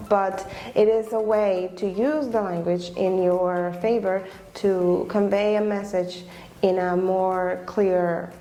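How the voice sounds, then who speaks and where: A woman's voice: medium pitch, dark tone. A woman teaching an English lesson online, patient and explanatory, often checking in with "okay?" and restating her points.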